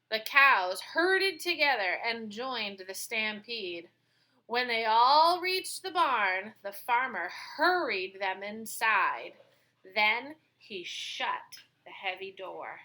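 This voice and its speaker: A woman reading a children's picture book aloud with expressive storytelling. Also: a little high, slow pace, rough recording.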